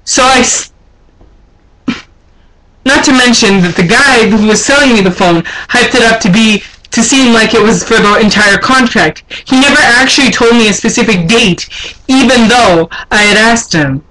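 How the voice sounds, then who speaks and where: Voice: medium pitch, moderate pace, pushed and bright, rough recording. Exasperated young vlogger ranting. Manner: indignant, exasperated complaining. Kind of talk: casual ranting vlog.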